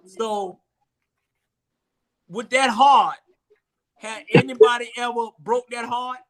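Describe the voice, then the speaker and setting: A man hosting a casual chat show, talking loudly and joking with his co-hosts. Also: very high-pitched, slow, crowd noise, low-quality recording. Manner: loud, joking, laughing often.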